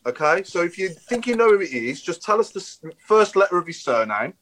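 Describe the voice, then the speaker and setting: A man's voice: high-pitched, big pitch swings, brisk, a bit bright. A man hosting a fan podcast, running a guessing game and repeating his words as he goes. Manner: running a quiz, repeats himself. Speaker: podcast host. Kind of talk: casual chat.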